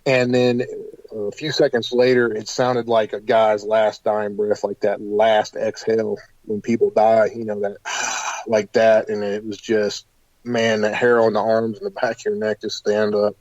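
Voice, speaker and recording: A man being interviewed about paranormal investigations, telling stories in an animated, hesitant way full of fillers. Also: lowish voice, moderate pace, no echo, lo-fi sound. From United States. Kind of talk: casual interview storytelling.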